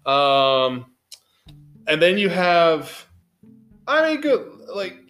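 A man's voice: fairly high pitch, big pitch swings, extremely slow, fairly bright tone, faint music behind. A man co-hosting a casual movie podcast, talking in an upbeat, rambling way full of fillers. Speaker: podcast co-host.

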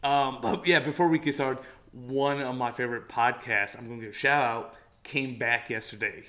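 Young man, podcast host, bright forceful voice, loose rambling chat, swears freely. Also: mid-range voice, fairly even intonation, moderate pace. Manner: loose, swearing, laughing, filler-heavy talk. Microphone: one shared mic among three.

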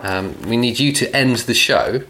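A man's voice: mid-range voice, a little slow. A man hosting a podcast in casual chat, wry and teasing. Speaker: podcast host. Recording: noisy recording.

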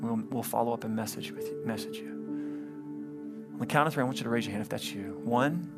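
A man preaching as a pastor in a church, pleading and impassioned, swelling loud and then dropping low during an altar call. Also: fast, over loud music. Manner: impassioned, rising to loud climaxes then hushed. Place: church sanctuary, livestreamed.

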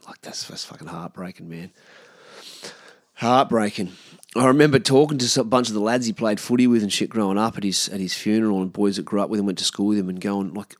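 An Australian man in his thirties hosts a podcast, telling stories from his past in a laid-back monologue, swearing freely and often trailing off. His voice is fairly low and fast, captured in a dry, studio-quality recording.

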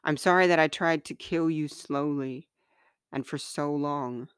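Slow soft-spoken woman reading aloud. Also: low-pitched, smooth, dry recording, studio quality. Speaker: author reading her own book. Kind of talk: slow, earnest reading of personal letters.

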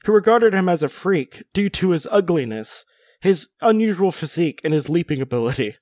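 High-voiced man, joking podcast co-host. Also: expressive, brisk, a little mellow, dry recording. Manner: joking, reads out a character profile with asides. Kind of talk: casual chat.

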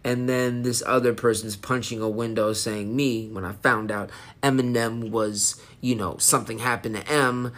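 A man hosting a casual solo podcast, rambling and excitable while high, jumping off topic. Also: normal speed. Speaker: podcast host.

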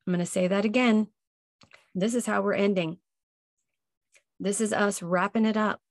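Woman podcast host, unhurried and emphatic, uplifting self-help delivery, dry close recording. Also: medium pitch, fairly even intonation, darkish tone, no echo. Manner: slow, emphatic, encouraging, repeats key phrases. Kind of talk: motivational self-help talk.

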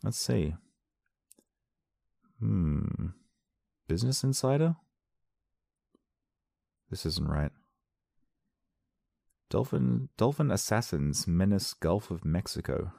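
A man's voice: low voice, very animated, takes it slowly, creaky, pauses often, warm tone, no room sound, clean studio sound. A man reading strange news articles aloud and reacting with sarcastic, rambling asides. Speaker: video host.

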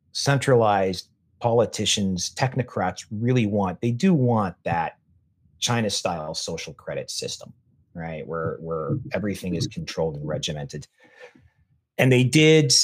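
A man's voice: fairly low pitch, husky. A man talking casually as a podcast guest, opinionated and rambling, often restarting his sentences. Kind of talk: casual conversation.

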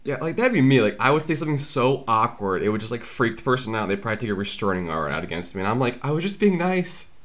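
A man in his twenties, hosting a podcast, telling animated self-mocking stories in casual chat. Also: on the low side, racing, hardly any pauses. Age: 20s. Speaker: podcast host.

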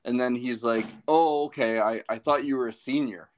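This podcast co-host, a man in his late thirties, has a mid-range voice with a steady tone and moderate pace. He's casually telling a rambling story at his own expense, swearing plenty.

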